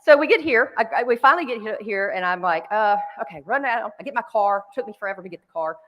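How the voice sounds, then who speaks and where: Here a North Carolina keynote speaker with a Southern accent spins chatty, self-deprecating stories in a large conference hall. Her medium-pitched voice moves quickly with a fairly bright tone, though the recording is muffled and the hall adds long reverb.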